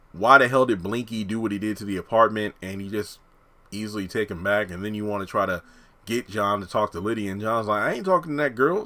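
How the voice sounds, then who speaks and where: Bright-voiced man giving blunt opinions. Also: on the low side. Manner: animated, acts out characters' lines while retelling. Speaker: TV episode reviewer. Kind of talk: casual spoken review.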